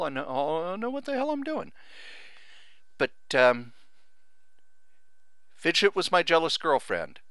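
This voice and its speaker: A man's voice: medium pitch, fairly bright tone, clear, resonant tone, no room sound. A middle-aged man hosting a podcast, talking earnestly and sentimentally, thanking friends and getting emotional. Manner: earnest, rambling, grows emotional. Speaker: podcast host. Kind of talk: heartfelt thank-you monologue.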